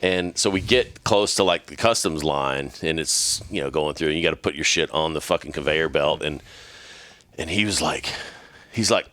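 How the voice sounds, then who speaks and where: A very deep-voiced man spins loose, cursing-filled stories as a podcast co-host. His voice sits close and dry on the mic, with no room sound around it. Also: normal speed, a bit bright, no room sound. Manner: profane, rambling anecdotes. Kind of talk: casual storytelling chat.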